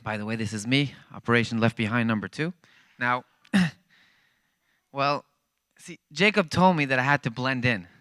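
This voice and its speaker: A man's voice: medium pitch, a little slow, fairly bright tone, clean tone, dry recording. A man telling a story to a church congregation, acting out the dialogue as he goes. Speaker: guest speaker at a church.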